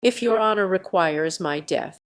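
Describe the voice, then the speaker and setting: A woman's voice: fairly low pitch, a little slow, close to an everyday voice. A woman reading as a grave noble swordsman. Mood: solemn.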